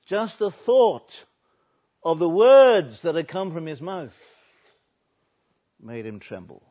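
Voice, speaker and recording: A man's voice: a little high, sing-song. Older male pastor preaching with dramatic swings. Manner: dramatic swings between soft and loud, drawn-out emphasis. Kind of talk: sermon. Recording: dull lo-fi recording.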